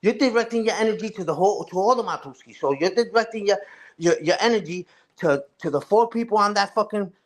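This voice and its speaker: High-voiced man ranting on a live stream. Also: quick pace. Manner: profane, repetitive, keeps asking "you heard?". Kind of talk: casual live-stream rant.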